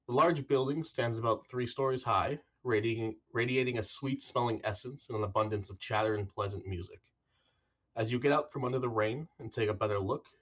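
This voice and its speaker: A man's voice: medium pitch, fairly bright tone. Man narrating a tabletop game. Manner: descriptive, unhurried. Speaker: dungeon master. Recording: dull lo-fi stream audio.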